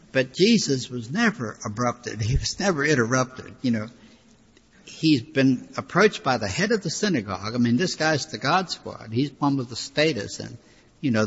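Older man, pastor, folksy sermon, husky voice, dull lo-fi recording. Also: mid-range voice. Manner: conversational, folksy preaching with frequent asides. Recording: hall reverb, dull lo-fi sound.

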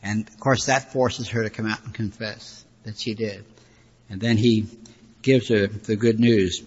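A man's voice: lowish voice, fairly even intonation, a little slow, breathy edge. An older man preaching a sermon in a conversational, folksy way, with frequent asides. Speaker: pastor. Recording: hall reverb, dull lo-fi sound.

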